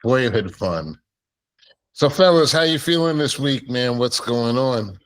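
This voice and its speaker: A man's voice: mid-range voice, animated, measured pace, low-quality recording. A man hosting a podcast, chatting casually and playfully with his co-hosts. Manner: playful, introduces guests with flourish. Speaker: podcast host. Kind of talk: casual chat.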